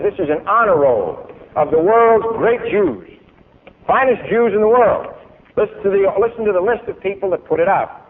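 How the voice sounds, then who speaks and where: Man, public speaker, emphatic, declaiming, higher voice, tinny lo-fi archival tape. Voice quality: emphatic, oratorical, declaiming with big swings in loudness. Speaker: speaker at a university event. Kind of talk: public speech followed by questions from the audience.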